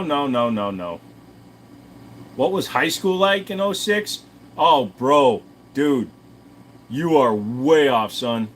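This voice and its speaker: Brief: forties Tennessee man, crude joking stream host, mid pitch, faint AC hum. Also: fairly bright tone. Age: 40s. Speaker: livestream host. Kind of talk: casual livestream chat.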